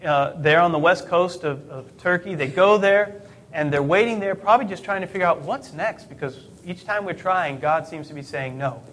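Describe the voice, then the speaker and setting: High-voiced man preaching. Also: moderate pace, fairly bright tone. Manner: conversational preaching, rhetorical questions, self-corrections. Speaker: pastor. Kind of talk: sermon.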